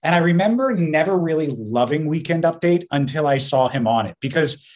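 A man's voice: a little high, lively intonation, fairly quick, darkish tone. A man co-hosting a podcast, chatting in an easygoing way and laughing often. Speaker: podcast co-host. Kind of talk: casual chat.

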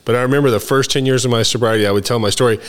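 A man's voice: medium pitch, steady tone, rapid-fire. A man hosting a candid recovery conversation and telling his own story in an earnest, emotional way. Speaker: podcast host.

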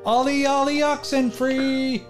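A man's voice: very high voice, flat delivery, unhurried, over loud music. A man hosting a casual gaming chat, playful and teasing, stretching his words for effect. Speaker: host.

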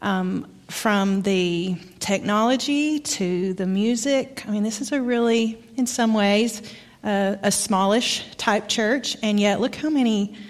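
A middle-aged woman with an Arkansas accent, giving a sermon as a guest preacher, in a conversational storytelling manner. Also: mid-range voice. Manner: warm, conversational storytelling with pauses. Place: church sanctuary. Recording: long church reverb.

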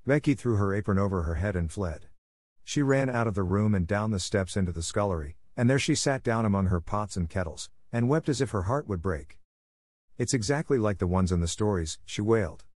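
Low-voiced man narrating a classic tale. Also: a little fast, no echo, studio quality. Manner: calm, even storytelling. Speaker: audiobook narrator. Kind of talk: scripted narration of a classic novel.

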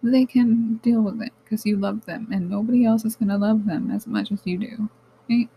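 A woman talks straight to her listeners in a rambling, candid podcast monologue, swearing freely as she goes. Her voice is gravelly and mellow, and she sounds close to tears. Faint background noise sits under the recording. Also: medium pitch, steady tone, moderate pace, poor audio. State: near tears. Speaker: podcast host.

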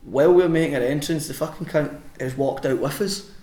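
A man's voice: a little high, fairly quick, darkish tone, reverberant. A man, a podcast guest and wrestler, telling a sweary anecdote with frequent laughs. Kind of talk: casual storytelling.

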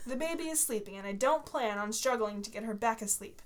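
Woman reading a cranky tired mom, loud and complaining. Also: a little high, animated, a little fast, lightly acted. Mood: annoyed. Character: tired irritable mother of a big family.

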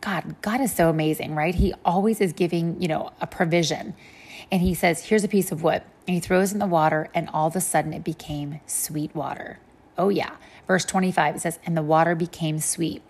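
Woman, Bible study teacher, slightly low voice, chatty, plays out the story's voices. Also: husky. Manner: chatty, animated, acts out quick voices for God and people.

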